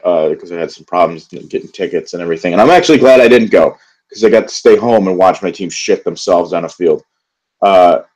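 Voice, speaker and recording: A man's voice: deep voice, darkish tone, poor audio. A young man in a solo football recap vlog, frustrated and profane, rambling with many fillers and restarts. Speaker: sports vlogger. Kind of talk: angry solo football rant.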